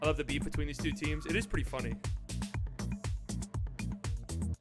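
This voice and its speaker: A man hosts a live basketball watch party, chatting casually and reacting to each play with wry, profane asides. His voice is high and swings animatedly up and down. Music is clearly heard behind him. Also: lively intonation, moderate pace.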